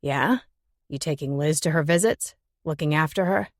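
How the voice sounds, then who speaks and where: A woman's voice: low-pitched, moderate pace, no echo, studio quality, voice pushed down, close to an everyday voice. A woman voicing a blunt, mocking young male rock musician who needles his bandmate. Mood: lecturing. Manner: scoffing, needling.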